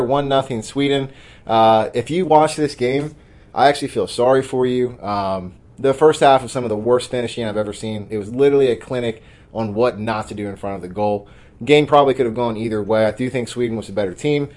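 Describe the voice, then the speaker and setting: A man's voice: mid-range voice, brisk, a little mellow. A man hosting a sports betting podcast in casual chat, brash and joking as he hypes his own picks. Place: studio office.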